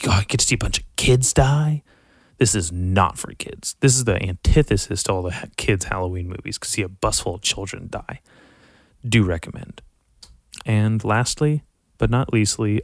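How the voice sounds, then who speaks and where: Low-voiced, profane man ranting casually. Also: dry recording, clean studio sound. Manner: profane, animated, rambling with frequent sighs. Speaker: vlogger reviewing horror movies. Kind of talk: casual rant to camera.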